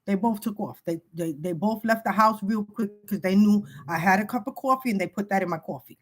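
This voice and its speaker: Woman vlogger, somewhat high voice, talks to camera in an urgent, shaky, stumbling way. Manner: halting, repeats words, breaks off emotionally; urgent warning tone. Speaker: spiritual video creator. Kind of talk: emotional direct-to-camera monologue.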